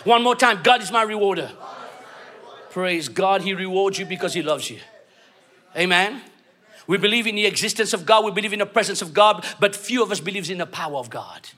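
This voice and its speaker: A man preaching a sermon, emphatic and call-and-response, often rising to shouts. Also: high-pitched, expressive, a little fast.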